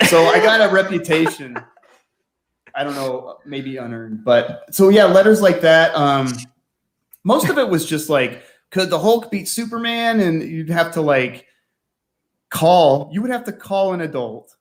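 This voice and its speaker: A man in a casual chat, telling one anecdote after another with easy laughter. He leans on "like" as he talks. His voice sits a bit higher than most men's. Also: animated, measured pace. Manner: chatty storyteller, laughs often, fills with "like". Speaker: guest, former magazine staff writer.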